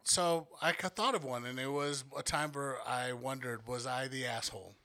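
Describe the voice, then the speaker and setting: A man's voice: mid-range voice, moderate pace. A young man co-hosting a podcast, telling a story in casual chat, swearing a lot and acting out what people said. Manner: profane, animated storyteller acting out quotes. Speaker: podcast co-host.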